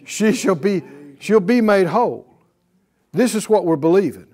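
A man's voice: sits high, expressive, normal speed, a little mellow. A man teaching a Bible class in a sermon style, emphatic and repetitive, often putting questions to the class.

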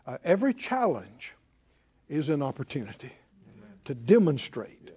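A middle-aged man preaching a sermon, calling out to his congregation and swinging between loud declarations and quiet asides. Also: fairly high pitch, sing-song, moderate pace, slightly rough. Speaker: pastor.

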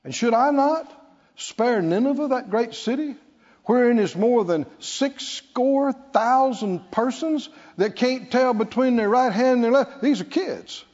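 A man preaching a sermon, lively and playful, acting out scripture scenes with laughter. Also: very high voice, a little slow. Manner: animated, acts out Bible figures with laughter. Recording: lo-fi recording in a reverberant hall.

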